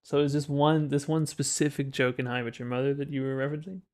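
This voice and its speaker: A man from Western Canada with a Western Canadian accent, giving casual live-stream commentary in a rambling, halting, musing way. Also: medium pitch, steady tone, darkish tone. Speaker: streamer reacting to clips.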